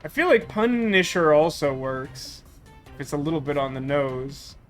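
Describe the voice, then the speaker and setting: A man's voice: a little high, expressive, measured pace. A man giving casual, rambling, joking commentary as he plays a game. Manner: joking, rambling, self-deprecating. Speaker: let's play host. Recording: faint game music behind.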